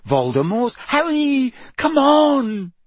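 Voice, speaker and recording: A man's voice: mid-range voice, sing-song, moderate pace, mellow, husky, no room sound. A man voicing a frightened teenage girl who pleads urgently and shakily. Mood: panicked.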